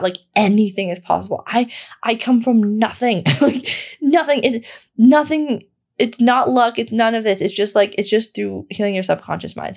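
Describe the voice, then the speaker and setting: Excitable young woman podcast host. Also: mid-range voice. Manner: excitable, filler-heavy, swears freely. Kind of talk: casual storytelling monologue.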